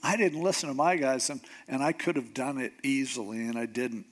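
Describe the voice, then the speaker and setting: A man doing an earnest young warrior reasoning calmly. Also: medium pitch, a little fast, natural voice. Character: young male warrior-king, calm and loyal.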